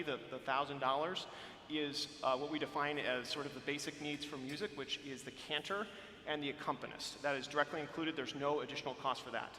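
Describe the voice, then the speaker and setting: A man with a bright, forceful, slightly high voice talks in a friendly, rambling way, full of fillers and restarts. He addresses a live stream from a microphone in a large church. The sound rings through the long reverb of the hall over a faint room ambience. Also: a little hiss or hum. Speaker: church music director. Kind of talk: live-streamed informational talk. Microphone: handheld or stand microphone.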